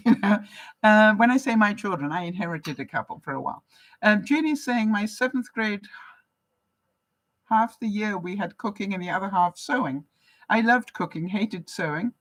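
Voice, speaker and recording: In a rough recording, a mid-range, lively female voice speaks at a normal speed. She's an older woman from Canada, easily chatting through viewer comments in a relaxed live session, often laughing and putting questions to her audience.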